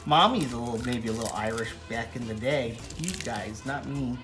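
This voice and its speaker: A middle-aged man casually vlogging as he cooks in a home kitchen and gently coaches his young daughter with a knife, chatty and jokey. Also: mid-range voice, normal speed. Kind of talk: casual cooking ASMR vlog. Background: music and kitchen clatter of knives and pots.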